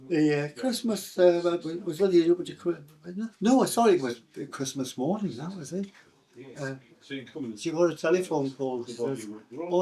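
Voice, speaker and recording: A man's voice: fairly high pitch, warm tone. An older man with a Sunderland accent, recounting his life story in an interview, hesitant and full of fillers and restarts. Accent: Sunderland English. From England.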